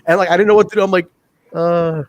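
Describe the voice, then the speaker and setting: A podcast co-host with a high voice talks rapid-fire with fairly even intonation, recorded dry. In casual chat he tells profane backstage stories, acting out quotes in funny voices.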